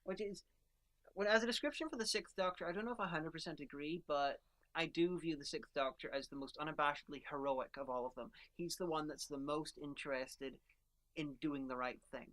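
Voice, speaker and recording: A woman's voice: deep voice, fairly quick, a bit bright. Woman rambling through fan analysis. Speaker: podcast co-host. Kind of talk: casual chat.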